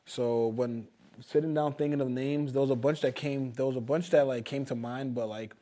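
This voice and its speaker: A young man as a guest in a casual interview, relaxed, often trailing off softly with fillers. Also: mid-range voice, normal speed. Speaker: guest, juice shop owner.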